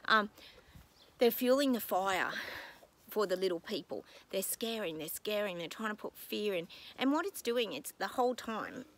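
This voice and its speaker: A woman's voice: mid-range voice, animated, normal speed, poor audio. A woman psychic talking in a casual vlog from home, rambling and exasperated, breaking off with apologetic asides. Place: at home with her dogs.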